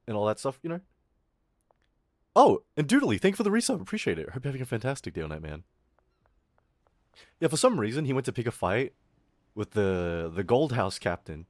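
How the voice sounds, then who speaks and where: A man's voice: mid-range voice, big pitch swings, fairly quick, pauses often, dry recording, clean studio sound. A man streaming live and telling a story in a rambling, profane way, full of fillers. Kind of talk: casual storytelling on a livestream.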